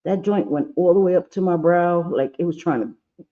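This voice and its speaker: A man's voice: high-pitched, moderate pace. Chatty man doing makeup on a lo-fi stream. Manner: chatty, playful, scolds his own eye and brush aloud. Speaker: makeup vlogger. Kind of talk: casual makeup tutorial livestream.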